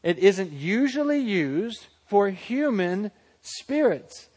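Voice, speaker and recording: A man, preaching a sermon and shifting dramatically into a hushed, low voice for humble quotes. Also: big pitch swings, slow pace. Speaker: pastor. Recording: long hall reverb.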